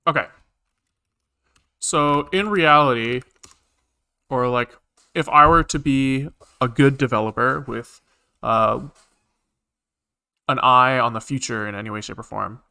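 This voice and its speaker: A man's voice: mid-range voice, unhurried, gravelly, pauses often, sharp tone, clean tone. A man streaming live coding, rambling casually with lots of fillers and the odd swear as he thinks aloud. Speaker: programming streamer.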